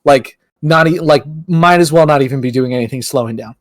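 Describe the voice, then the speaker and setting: A man's voice: mid-range voice, a little fast, no echo. A young man, a podcast co-host, telling a long story in casual chat, rambling with lots of fillers and acting out what people said. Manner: rambling, lots of "like", acts out quotes.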